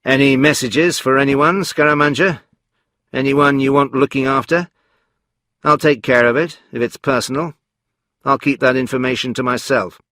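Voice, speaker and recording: A man voicing a calm, firm secret agent in a storybook reading, coolly formal. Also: mid-range voice, moderate pace, no room sound, clean studio sound, natural voice. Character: cool, composed male secret agent.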